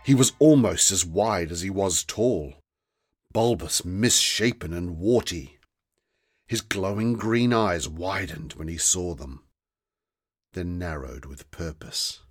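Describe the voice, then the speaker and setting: A man narrating a children's fantasy story in a slow, deliberate storytelling manner. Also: low voice.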